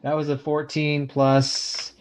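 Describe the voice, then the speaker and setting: A man's voice: a little high, monotone, takes it slowly, over a noisy crowd. A man playing a tabletop game casually, making jokes. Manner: joking, plays a vampire character. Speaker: player.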